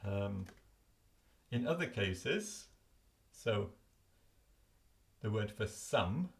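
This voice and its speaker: Older guy, low gravelly voice, chatty, fixes himself mid-sentence. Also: sing-song, very slow. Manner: chatty, self-correcting, demonstrating cards. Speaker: language learning video host. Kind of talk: casual explanatory talk to camera. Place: home.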